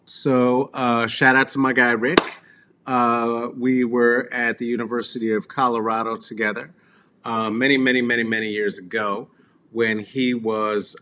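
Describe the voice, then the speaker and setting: A middle-aged comedy host from Colorado rambles through a solo monologue in a sharp, medium-pitched voice. He's crude and sarcastic, with frequent fillers and asides that trail away.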